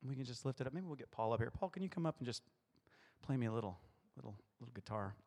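A man's voice: medium pitch, lively intonation, fast, darkish tone, long reverb tail. A male pastor preaching a playful sermon, acting out short voices in his stories.

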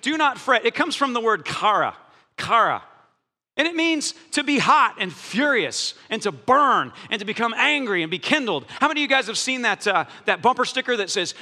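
High, bright-voiced preacher man. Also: brisk. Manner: animated, jokey, emphatic. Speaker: pastor. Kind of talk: sermon. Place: church hall. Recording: echoey church hall.

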